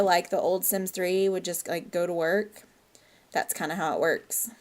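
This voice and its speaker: A woman's voice: on the low side, fairly even intonation, a little slow. A woman giving casual let's-play commentary, chatty and apologetic, often laughing at herself. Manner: chatty, apologetic, giggly asides. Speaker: gameplay commentator.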